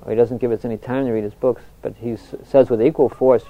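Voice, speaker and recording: An older man with a calm, soft voice talks reflectively as a spiritual teacher, often breaking off and starting his sentences again. His pitch sits in a middle range, and the recording sounds muffled and lo-fi. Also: fast talker. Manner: soft-spoken, frequent restarts. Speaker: spiritual teacher answering questions. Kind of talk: reflective talk with anecdotes. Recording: dull lo-fi recording.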